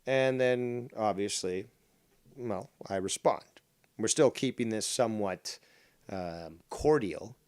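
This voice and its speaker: A man's voice: lowish voice, slow pace, darkish tone, no room sound. A man hosting a drama commentary show, combative and profane as he mocks a rival's clip.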